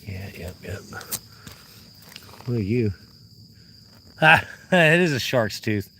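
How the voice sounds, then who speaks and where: A man chatting to his viewers on a live vlog while walking a trail, his voice hoarse from yelling. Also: medium pitch, animated, slow pace, slight background noise. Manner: chatty, talks to himself and viewers. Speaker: vlogger. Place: outdoor nature trail.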